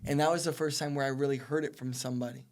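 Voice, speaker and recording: Young man in his twenties talking on a podcast, earnest and rambling as he tells a long story, his pitch staying close to one level throughout. His voice sits in an ordinary middle register, and he speaks as a guest answering a question. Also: fairly even intonation, racing, darkish tone. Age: 20s. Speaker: podcast guest, soccer player. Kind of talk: casual interview storytelling.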